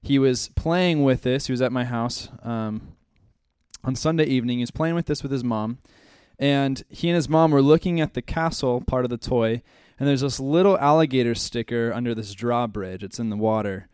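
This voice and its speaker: A man, a pastor, opening a church ministry class with a heartfelt story and then a quiet, earnest prayer. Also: medium pitch, normal speed, clean tone, no room sound, clean studio sound.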